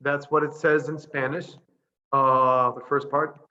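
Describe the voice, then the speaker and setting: A middle-aged man, a priest, chatting casually over a video call and patiently teaching a short phrase, slowing down to spell out each sound. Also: mid-range voice, little pitch movement, highs cut off. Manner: warm, chatty, laughs easily, slows down to spell out sounds. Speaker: priest and missionary guest.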